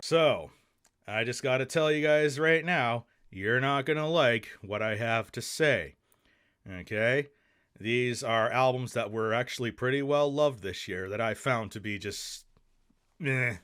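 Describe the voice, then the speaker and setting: A man's voice: medium pitch, unhurried, clean tone. A young man hosting a music review channel, delivering profane, sarcastic rants and blunt album reviews. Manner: angry sarcastic ranting, heavy swearing; calmer deadpan review delivery.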